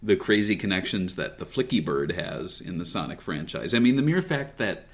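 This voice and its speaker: A man's voice: deep voice, very animated, moderate pace. A man hosting a casual gaming podcast, rambling as he chats and reads listener messages aloud. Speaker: podcast host.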